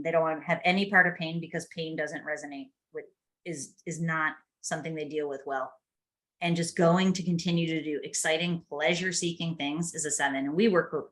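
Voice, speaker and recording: A woman's voice: sits low, a bit bright. A middle-aged woman hosting a podcast, telling family stories in a chatty, casual way with laughs. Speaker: podcast host. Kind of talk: casual chat.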